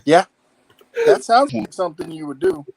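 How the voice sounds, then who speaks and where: Gravelly man with dry teasing quips. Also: high-pitched, sing-song, normal speed, rough recording. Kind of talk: casual chat. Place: outdoors.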